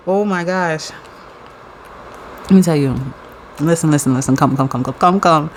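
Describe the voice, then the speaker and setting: A woman giving a casual pick-a-card tarot reading, excitable and playful, with slang and free swearing. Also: on the low side, moderate pace, slight background noise, rough recording.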